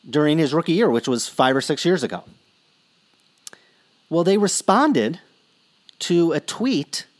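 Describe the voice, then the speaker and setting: A male podcast host talking casually about sports cards. He rambles a little as he chats, in a somewhat higher voice. His delivery is loose and conversational.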